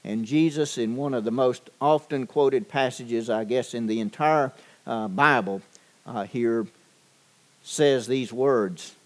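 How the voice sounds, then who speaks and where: A man preaching a sermon, measured and deliberate, with frequent pauses and fillers. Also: medium pitch. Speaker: pastor.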